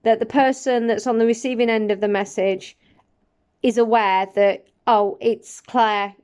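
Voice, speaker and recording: Smooth-voiced woman in her forties. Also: on the high side, steady tone, measured pace, a little mellow. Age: 40s. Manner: reflective, with frequent restarts and hesitations. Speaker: vlogger. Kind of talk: casual personal vlog.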